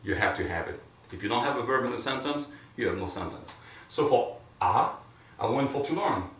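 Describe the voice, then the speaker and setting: A man's voice: mid-range voice, animated, brisk, fairly bright tone. A man teaching a language lesson to his class, encouraging his students and leading them through repeat-after-me drills. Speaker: Spanish teacher. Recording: echoey room, mic far off, faint ambience.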